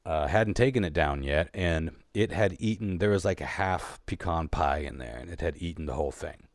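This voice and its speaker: A man's voice: low-pitched, normal speed, dry recording, clean studio sound. A man co-hosting a podcast, telling a long story in a rambling, profane, casual way and laughing as he goes. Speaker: podcast co-host.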